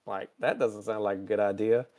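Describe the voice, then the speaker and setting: A man hosting a casual podcast recap, swearing freely and jumping into quick character quotes with lively pitch swings. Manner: animated, jumps pitch when quoting characters. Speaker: podcast host recapping episodes.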